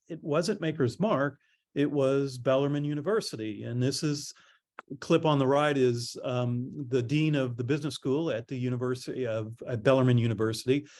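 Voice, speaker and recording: A middle-aged man presents to an audience, chatting his way through anecdotes. His voice sits in a mid range. The delivery is loose and conversational. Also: medium pitch. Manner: conversational storytelling, animated quoting. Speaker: public relations presenter. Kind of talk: conference presentation.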